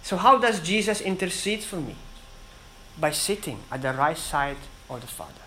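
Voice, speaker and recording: A man preaching a sermon in an earnest, emphatic way, with dramatic pauses between phrases. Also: a little high, very animated, pushed and bright, a little hiss or hum, poor audio.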